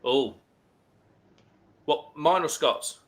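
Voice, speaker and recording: A man's voice: a little high, extremely slow. A man hosting a casual live stream, chattily reading out viewer comments and greeting people.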